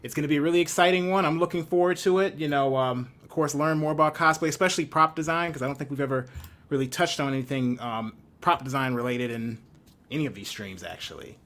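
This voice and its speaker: A man's voice: on the high side, quick pace, fairly bright tone. A man hosting a casual interview stream, easygoing and a little hesitant as he reads out announcements. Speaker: host.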